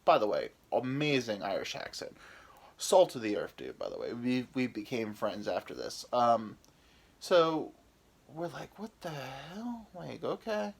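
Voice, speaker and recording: A man's voice: mid-range voice, sing-song, measured pace, vocal fry. A young American man, a podcast host, telling a rambling, profane, self-mocking story in a casual comedic way. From United States.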